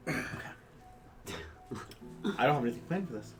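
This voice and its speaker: Casual game master guy, pitch jumping all over, laughs a lot, faint music under it. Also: expressive, brisk. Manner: casual, laughing, filler-heavy. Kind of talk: narrating a tabletop game.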